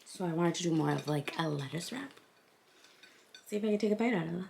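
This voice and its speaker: Casual vlog lady talking to her phone, gravelly fry voice, lots of "like"s, a little background hiss. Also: on the low side, expressive, quick pace, warm tone. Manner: chatty, lots of fillers like "like" and "so yeah". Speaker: vlogger.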